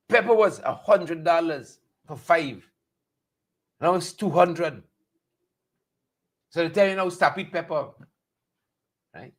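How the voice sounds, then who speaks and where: Animated Guyanese man, high lively voice. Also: a little slow, long pauses. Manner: animated, repeats lines for emphasis, mocks with mimicry. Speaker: host. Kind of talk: satirical news commentary.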